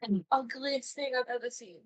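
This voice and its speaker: A woman at a tabletop game, chatting in an excitable, gushing way. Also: fairly high pitch, moderate pace, poor audio. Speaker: player. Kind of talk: casual tabletop game chat.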